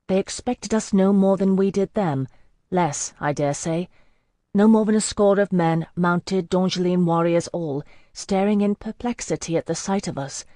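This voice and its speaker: An audiobook narrator reading a first-person fantasy novel in a steady, measured way. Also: mid-range voice, no echo, clean studio sound.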